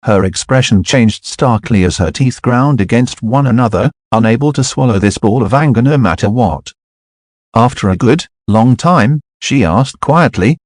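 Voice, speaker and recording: A man narrating a web novel as an audiobook, measured and even. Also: medium pitch, no echo, clean studio sound.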